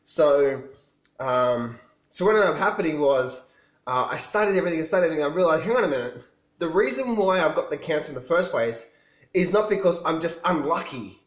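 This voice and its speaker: A man's voice: a little high, lively intonation, fairly quick. A man telling his own story to camera in a casual, rambling way, often restarting and repeating himself. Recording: echoey room.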